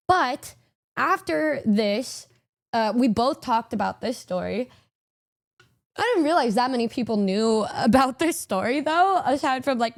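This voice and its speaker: Playful young woman streamer, slightly high. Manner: chatty and playful, laughs between remarks. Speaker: streamer host. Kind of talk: casual stream chat.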